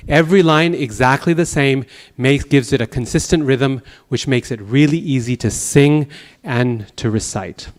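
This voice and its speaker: A man teaching a Sanskrit class, explaining patiently, checking in with the students and reciting verse slowly in rhythm. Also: medium pitch. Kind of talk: classroom lecture. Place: temple classroom.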